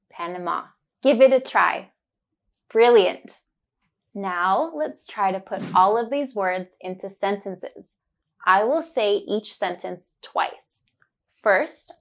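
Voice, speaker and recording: A woman teaching a pronunciation lesson, repeating words slowly and clearly and praising the listener with upbeat cheer. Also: mid-range voice. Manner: drawn-out, deliberate word drills with upbeat praise.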